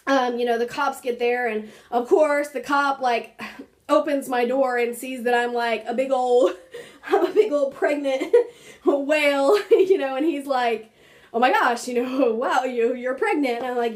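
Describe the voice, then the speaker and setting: High-voiced young woman vlogging, animated. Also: moderate pace. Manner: animated, laughs often while recounting; many fillers like "like" and "you know". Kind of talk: casual storytelling to camera.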